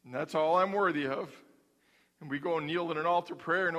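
Male pastor, folksy humorous sermon, high pitch, echoing sanctuary. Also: brisk, fairly bright tone. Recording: long hall reverb.

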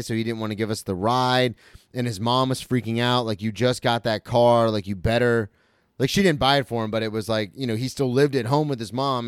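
A man from Florida with a smooth, clean voice and a middle-pitched tone talks through a story in a loose, casual monologue as his podcast's host. His language is profane and he stops to correct himself along the way. The sound is dry and close. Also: dry recording.

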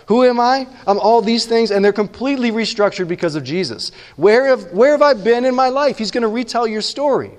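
A pastor giving a conversational sermon, often checking in with the room with quick questions. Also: male voice, very high-pitched, lively intonation, in a large hall.

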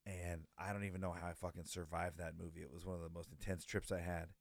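Low-voiced laid-back man, dry sound. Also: flat delivery, gravelly, no room sound. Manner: laid-back, profane, quick reactions. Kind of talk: casual conversation.

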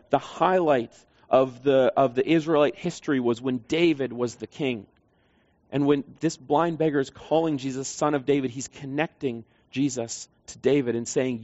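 A man's voice: fairly high pitch, darkish tone. A man preaching a sermon as pastor in a church, earnest and conversational, putting questions to the congregation. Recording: slightly dull, lo-fi sound.

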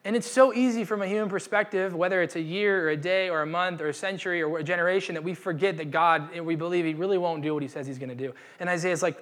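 Animated young man preaching a casual sermon. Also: on the high side, a little fast. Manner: animated, acts out quoted voices with slang. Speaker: pastor. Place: church gathering.

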